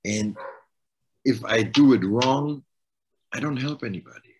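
A middle-aged man with a German accent speaks in a mid-range voice at a measured pace, over slight background noise and poor audio. He's a life coach and co-host in casual conversational coaching talk, stressing points by repeating them.

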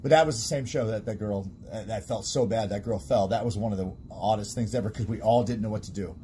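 A man's voice: fairly low pitch, fast, slight background noise. A man, a guest who works as a stage sound and lighting technician, telling stories in casual chat with lots of laughter and restarts. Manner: laughing storyteller, animated, trailing restarts.

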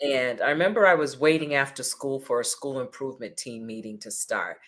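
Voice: medium pitch, fairly quick, a bit bright. An older host and career counselor, speaking in a reflective, conversational way on an interview show.

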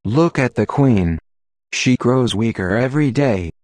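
A man's voice: medium pitch, animated, measured pace, darkish tone, no room sound, lightly acted. A man voicing an earnest young male Jedi apprentice who pleads urgently, in an audiobook.

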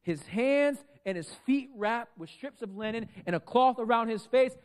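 A man preaching a sermon as pastor into a microphone in a church, with a loud, projecting voice that swings between big declarations and soft asides. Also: very high-pitched, animated, normal speed. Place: church sanctuary.

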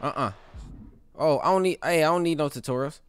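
A man giving loud, trash-talking live commentary while playing a wrestling game. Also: on the high side, brisk, a little hiss or hum. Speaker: gaming channel host.

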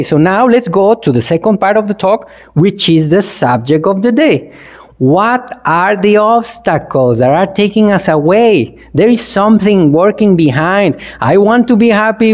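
High-voiced monk giving a playful talk. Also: male voice, a little mellow. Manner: playful, chuckles often and asks the audience questions; non-native English phrasing. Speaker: Buddhist monk teaching. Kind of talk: dharma talk to a congregation.

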